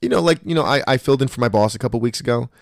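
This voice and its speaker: A man's voice: medium pitch, racing, no echo, clean studio sound. A man co-hosting a podcast, telling stories in casual chat and acting out what others said, with plenty of swearing. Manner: animated storyteller, acts out quotes, swears often. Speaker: podcast co-host.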